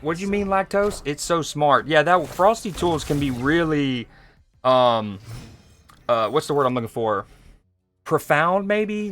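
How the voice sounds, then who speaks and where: A man's voice: on the high side, a bit bright. A man from Georgia, casually chatting with viewers and joking while he streams a card game. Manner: laid-back, joking, chatting with chat while playing. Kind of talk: casual live-stream chat.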